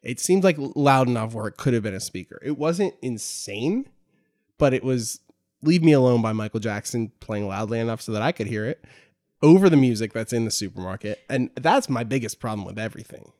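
A man's voice: mid-range voice, lively intonation, brisk, a little mellow, dry recording. Wry man in dry close chat. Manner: wry, joking, mock-serious. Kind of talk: casual chat.

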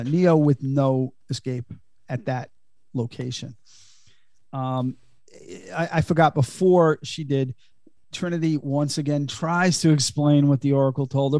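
A man's voice: mid-range voice, steady tone, a little slow, darkish tone, no echo, studio quality. A man hosting a podcast, giving a casual, chatty film recap full of fillers and laughs. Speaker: podcast host.

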